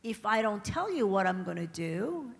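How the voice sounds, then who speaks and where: A woman's voice: medium pitch, very animated, moderate pace, gravelly. A woman who is a lawyer, speaking as a panelist, articulate and often adding a questioning "right?". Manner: articulate, uses frequent tag "right?". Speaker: panelist, lawyer at a tech company. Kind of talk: panel discussion remarks. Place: conference hall. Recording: reverberant conference hall.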